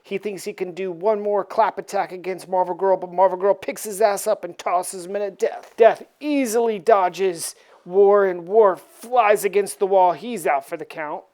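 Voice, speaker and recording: A woman's voice: on the low side, darkish tone. A woman casually recapping a comic book issue in a slangy, offhand way.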